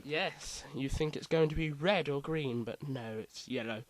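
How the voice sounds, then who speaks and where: A man's voice: fairly high pitch, measured pace, poor audio. A man hosting a casual quiz, reading out multiple-choice options with playful asides. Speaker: quiz host.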